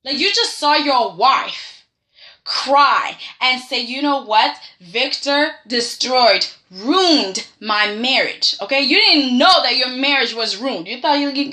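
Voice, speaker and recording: A woman talks through a soap opera episode in casual chat. She is emphatic and sassy and keeps tagging her points with a quick "okay?". Her voice sits a little high and sounds bright and forceful. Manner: sassy and emphatic, often tags lines with "okay?".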